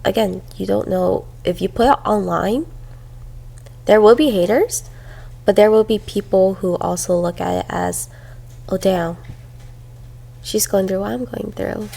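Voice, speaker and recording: A young woman co-hosting a podcast, talking in a soft, reassuring and comforting way. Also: medium pitch, a little slow, gravelly, pauses often, low-quality recording. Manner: soothing, reassuring, soft-spoken. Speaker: podcast co-host. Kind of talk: casual heartfelt chat.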